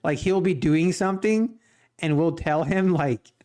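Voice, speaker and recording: Man, livestream trading host, slightly high voice, slow easygoing delivery, chatty, laughs a lot. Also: a little mellow. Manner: chatty, laughs often, addresses chat directly. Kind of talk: casual livestream chat and market commentary.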